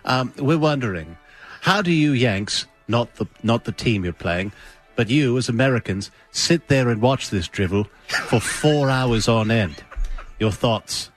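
A man's voice: mid-range voice, animated, unhurried, soft background music, close to an everyday voice. A radio co-host putting on a pompous British male sports reporter with a British accent and a mocking, haughty way of asking questions.

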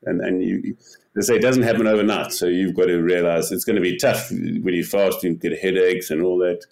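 With a deep, creaky voice and a brisk pace, this older podcast guest, an ocean paddler, spins lively tales during a casual interview. Words get repeated, and he acts out the things others told him.

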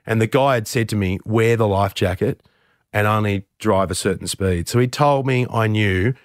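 A man's voice: lowish voice, moderate pace, dry recording, studio quality. A man, middle-aged, telling candid, self-deprecating stories in conversation as an interview guest. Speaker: radio host, interview guest. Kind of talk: conversational storytelling.

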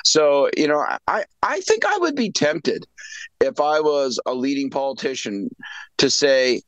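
A man's voice: fairly high pitch, very animated, moderate pace, no echo, poor audio. Middle-aged male analyst; blunt, chatty, restarts a lot, dry mic. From Canada. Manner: blunt, conversational, many restarts. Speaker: political analyst. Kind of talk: casual opinionated talk.

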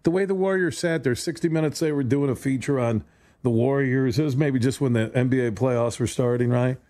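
On his sports radio program, this man talks alone at a slightly quick clip, his mid-range voice carrying a dark tone. The solo monologue rambles and drips with sarcasm, stumbling into restarts, and the studio mic gives a dry recording.

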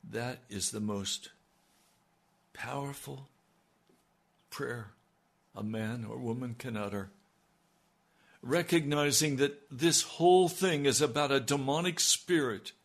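Gravelly, slow-preaching male pastor. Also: medium pitch. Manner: impassioned, emphatic preaching. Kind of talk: sermon.

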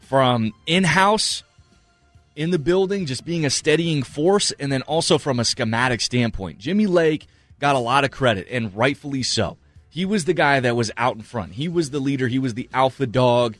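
A man's voice: medium pitch, animated, normal speed, fairly bright tone, soft background music. A man co-hosting a sports talk show, giving earnest, emphatic analysis and repeating his points for stress. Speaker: sports radio co-host.

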